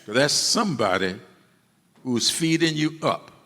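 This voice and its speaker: A man's voice: mid-range voice, expressive, a little slow, sharp tone. A man giving an emphatic public speech to an audience, repeating key phrases for stress. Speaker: speaker addressing an audience. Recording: long reverb of a hall.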